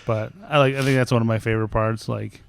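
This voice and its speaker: A man appearing as a guest on a podcast, chatting casually and retelling scenes with animated, acted-out quotes. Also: mid-range voice, fast talker, gravelly, clear, resonant tone, no room sound. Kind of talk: casual chat.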